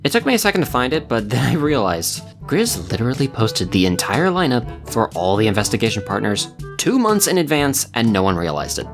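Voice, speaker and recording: A woman chatting through a story game in casual let's-play commentary, her voice swinging widely from low to high. A guitar track plays clearly behind her the whole time. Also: brisk, hardly any pauses. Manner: animated, expressive, often jumps high in pitch when surprised. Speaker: gameplay commentator. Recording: music playing behind the voice.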